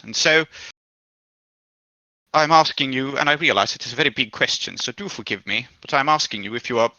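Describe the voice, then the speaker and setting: A man voicing a smooth, scheming figure in a tabletop role-play who speaks in a formal, courteous way with hesitant restarts. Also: medium pitch, sharp tone, dry recording, muffled recording.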